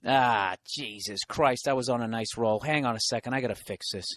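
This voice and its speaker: A man's voice: medium pitch, normal speed, fairly bright tone. A man hosting his own podcast from a hotel room, ranting in a sarcastic, profane, rambling way. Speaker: podcast host. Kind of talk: solo comedic podcast rant.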